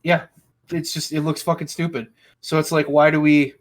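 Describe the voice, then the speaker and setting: A man's voice: fairly high pitch, level tone, normal speed. A man hosting a casual podcast chat, ranting angrily and swearing heavily. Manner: angry ranting, heavy swearing. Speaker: podcast host.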